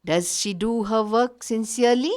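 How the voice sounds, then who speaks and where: A woman's voice: fairly high pitch, normal speed, a little mellow. A woman teaching a recorded grammar lesson, patiently explaining with many examples. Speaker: English teacher.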